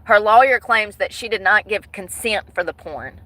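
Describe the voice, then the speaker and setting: A woman vlogger chatting casually to her viewers in a gossipy, animated way, cursing freely. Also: mid-range voice, moderate pace, no room sound. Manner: animated, swears, breaks into laughter.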